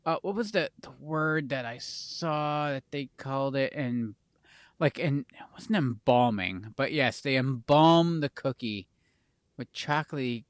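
A man's voice: medium pitch, measured pace, smooth, no room sound, clean studio sound. A young adult man co-hosting a casual chat show, rambling, swearing casually and losing his train of thought. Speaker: podcast co-host.

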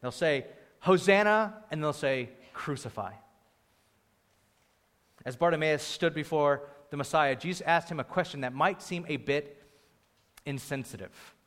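A young man preaching a sermon in an animated way, acting out the crowd's voices and raising his voice for emphasis. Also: on the high side, normal speed. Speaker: pastor.

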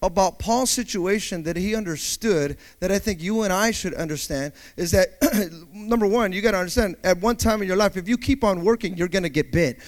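A man with a notably high-pitched voice preaches to his congregation. He swings from calm, low explanation to loud call-and-response, throwing in quick acted voices of panicked people. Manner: dynamic preaching, swinging from quiet to shouted call-outs. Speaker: pastor. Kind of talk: sermon.

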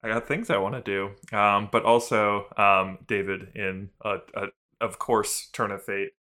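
A man's voice: on the low side, fairly even intonation, a little slow, bright, forceful tone. A man chatting casually on a podcast, rambling with lots of ums. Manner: rambling with many fillers. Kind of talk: casual chat.

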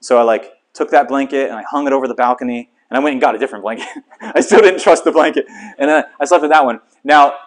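A middle-aged man preaching a sermon, telling a story with lively, self-mocking humor to a small congregation. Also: mid-range voice, fast talker. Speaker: pastor.

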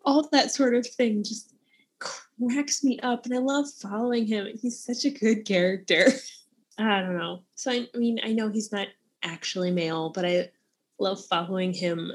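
A woman's voice: medium pitch, steady tone, normal speed. A woman co-hosting a casual book podcast, amused, laughing often as she talks. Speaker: podcast co-host. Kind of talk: casual chat about books.

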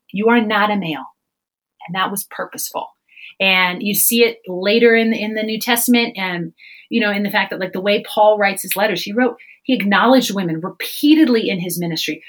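A woman on a faith podcast, talking fast and animated and acting out the voices she quotes. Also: medium pitch, poor audio. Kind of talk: casual faith podcast chat.

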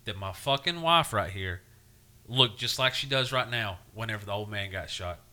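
A married man in casual chat recapping a series, emphatic and swearing, loudly mimicking the characters. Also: lowish voice, animated, moderate pace. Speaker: podcast co-host.

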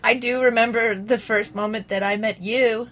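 A woman's voice: on the high side, fairly even intonation, normal speed, fairly bright tone. A woman from a film crew asking questions and telling a story on a podcast, giggling often. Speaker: crew member. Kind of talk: casual podcast chat.

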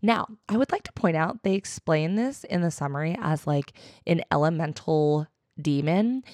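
A young woman with a fairly low voice co-hosting a podcast. She retells the story in a loose, rambling way, full of "like" and casual swearing. The recording is dry and close. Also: animated, normal speed, darkish tone, no echo. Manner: rambling recap, heavy use of "like", swears casually. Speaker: podcast co-host. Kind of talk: casual chat.

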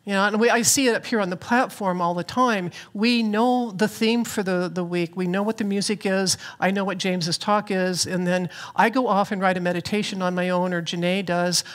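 A woman's voice: mid-range voice, fairly even intonation, fairly quick, hardly any pauses. A woman minister giving a reflective, earnest sermon with touches of light humor, speaking from a church platform. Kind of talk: spiritual sermon.

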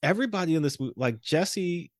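Animated man riffing on a bad movie. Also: fairly high pitch, a little fast, no room sound, clean studio sound. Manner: animated, mocking line readings with laughter. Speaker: podcast co-host. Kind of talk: casual movie review chat.

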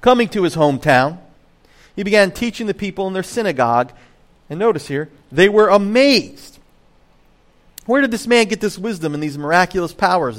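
A man preaching a sermon in a conversational way, full of rhetorical questions and acted-out voices of the crowd. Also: sits high. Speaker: pastor.

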